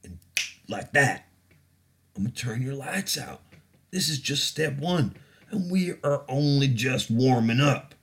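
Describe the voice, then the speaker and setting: A man's voice: medium pitch, lively intonation, a little slow, pauses often, voice pushed up. A man putting on a blustering, threatening male conspiracy broadcaster with a bombastic, theatrical, menacing delivery.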